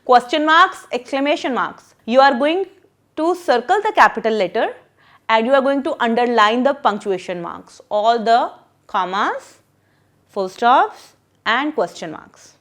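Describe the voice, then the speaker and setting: A woman's voice: fairly high pitch, animated, unhurried, fairly bright tone. A woman teacher explaining a lesson to children, patient and repeating her questions.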